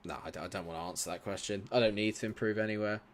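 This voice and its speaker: A young man streaming a football management game, talking back to the game and his chat and swearing often. He drops into low mutters, then breaks into sudden shouts. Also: steady tone, rapid-fire. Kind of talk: live gaming commentary.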